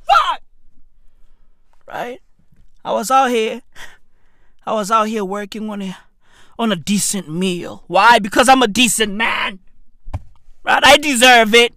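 Young man, South African accent, high voice, slow deliberate delivery, profane comedic rant, shouty. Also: no echo, clean studio sound. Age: young adult. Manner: animated, profane, often shouting and laughing. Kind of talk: ranting comedic monologue.

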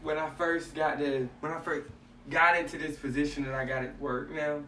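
Animated man in an echoey room. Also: a little high, normal speed. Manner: animated storytelling, acts out dialogue. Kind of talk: casual faith talk. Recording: echoey room, mic at a distance, faint noise.

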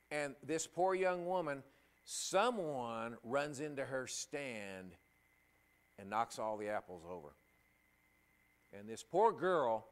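A middle-aged man of medium pitch preaches a sermon and tells a personal story. His delivery is halting and emotional, full of restarts.

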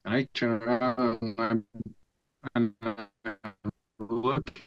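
A man's voice: mid-range voice, flat delivery, slow, a crowd in the background. An older man from the United States, a podcast guest, telling a rambling, profane story in casual talk and laughing as he goes. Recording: dull lo-fi dry sound.

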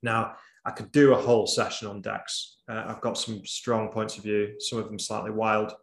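A man's voice: lowish voice, flat delivery, normal speed, creaky. A man giving a conversational online presentation, shifting his volume and tempo and sometimes dropping almost to a whisper. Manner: conversational, varies volume and tempo, drops to near whisper at times. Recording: roomy echo.

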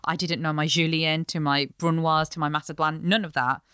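A woman's voice: sits low, flat delivery, fairly quick, pushed and bright, clean tone, no echo, clean studio sound. A young adult woman, a chef and business owner, chatting earnestly in an interview and explaining at length. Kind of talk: casual interview chat.

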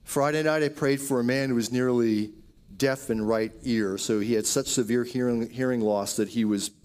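A man's voice: medium pitch, fairly even intonation, moderate pace, a little mellow, clean tone. A man preaching a sermon, telling healing stories in a storytelling way with quoted asides. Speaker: pastor. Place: church auditorium.

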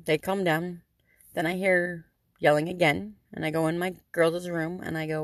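A woman's voice: deep voice, steady tone, moderate pace, no room sound. A middle-aged woman telling a story as a podcast host, in a chatty way with many ums and dry sarcasm. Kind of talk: casual storytelling.

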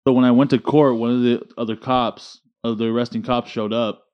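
A man's voice: medium pitch, flat delivery, a little fast, clear, resonant tone, lo-fi sound. Profane slangy man telling a story. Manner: profane, slangy, peppered with dude and bro. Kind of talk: casual storytelling chat.

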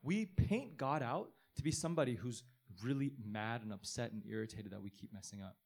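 An earnest man with a voice that is neither high nor low, preaching informally. He talks the way he would in conversation, rambling a little and often restarting his sentences. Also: brisk, gravelly. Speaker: pastor. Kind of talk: informal sermon.

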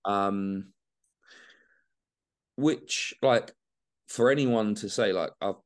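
A young Englishman chats easily on a podcast, his very deep voice sitting low the whole way through. He talks in a relaxed, loose way, peppering his talk with swearing and calling people mate. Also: drawn-out words. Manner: laid-back, swears freely, says mate and man. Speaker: bodybuilding guest. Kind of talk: casual podcast chat.

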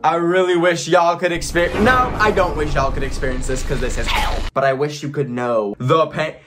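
A man's voice: fairly high pitch, normal speed, over music. A young man hosting a casual reaction video, complaining in a dramatic, exaggerated way. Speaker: host.

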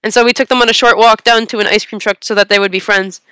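A young woman on a casual podcast, telling a long story in an animated, rambling way with bursts of laughter. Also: mid-range voice, fast talker, clean tone, no room sound. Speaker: podcast co-host.

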